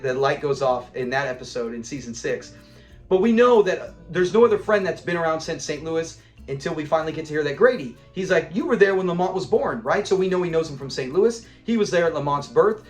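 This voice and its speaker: A man hosting a casual episode review, excitable, laughing often and acting out the characters' lines. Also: on the high side. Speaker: episode reviewer, channel host. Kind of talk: casual video commentary.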